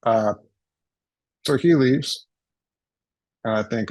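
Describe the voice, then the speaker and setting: Keynote speaker, male, unhurried and gravelly, dry sound, humorous storytelling. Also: mid-range voice, a little mellow, no echo. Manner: playful, acts out quoted voices. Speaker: summit speaker. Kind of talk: humorous personal storytelling talk. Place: recorded for a virtual summit.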